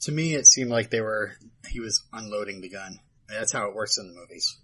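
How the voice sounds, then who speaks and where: A man's voice: on the low side, brisk, sharp tone, husky, low-quality recording. A man co-hosting a podcast, chatting casually and playfully about a movie. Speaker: podcast co-host. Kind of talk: casual movie commentary chat.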